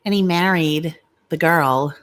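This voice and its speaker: Speaking slowly in a low, fairly bright voice, a middle-aged woman chats live with her viewers from home. Her talk wanders into personal stories and confidential-sounding asides.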